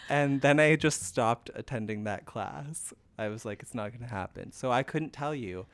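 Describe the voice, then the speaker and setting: A man's voice: mid-range voice, measured pace, a bit bright, clean tone, no echo. A man co-hosting a podcast in casual chat, telling the story and acting out quotes with frequent laughs. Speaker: podcast co-host. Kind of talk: casual chat recapping a TV show.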